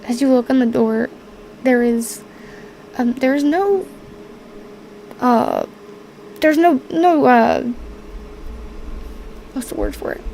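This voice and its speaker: A woman's voice: high-pitched, very animated, slow pace, creaky, long pauses, mellow, slight background noise, low-quality recording. A woman narrating as game master in a tabletop game, hesitant, often searching for words.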